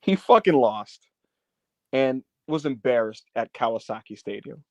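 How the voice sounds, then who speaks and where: A man's voice: medium pitch, expressive, unhurried, darkish tone, dry recording, lo-fi sound. A man co-hosting a casual podcast, telling a wrestling story with feeling, swearing and acting out the quotes. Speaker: podcast co-host.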